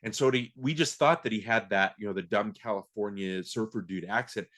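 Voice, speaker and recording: A man's voice: lowish voice, fairly quick, fairly bright tone. A man hosting a podcast, talking casually and laughing as he acts out movie lines. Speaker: podcast host.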